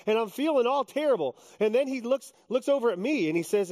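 Man, fifties, pastor preaching, joking conversational delivery, higher voice, echoing hall. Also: very animated, quick pace, hardly any pauses, a little mellow. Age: 50s. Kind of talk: sermon.

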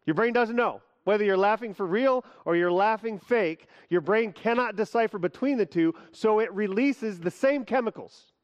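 A man preaching a sermon from a church stage, energetic and leading the congregation through a laughter exercise. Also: high voice, moderate pace, hardly any pauses, muffled recording. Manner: energetic, leads the crowd in laughter. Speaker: pastor.

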